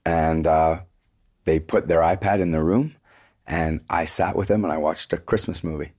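A man's voice: rumbling low, fairly even intonation, moderate pace, darkish tone. A middle-aged man, a touring singer, talking in an earnest, rambling way as an interview guest. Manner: earnest, rambling storyteller with many restarts. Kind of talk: casual interview conversation.

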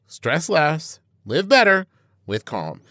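A man co-hosting a comedy podcast in a playful, teasing way, slipping jokes into the ad reads. His pitch bounces around a lot as he talks. The sound is close and dry. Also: wildly swooping pitch, takes it slowly, pushed and bright, no room sound.

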